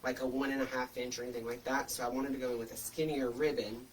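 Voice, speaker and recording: A man's voice: medium pitch, level tone, fast, distant mic, a little hiss or hum, poor audio. A man hosts a casual craft tutorial, chatty and folksy, full of homespun comparisons. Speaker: wreath-making host.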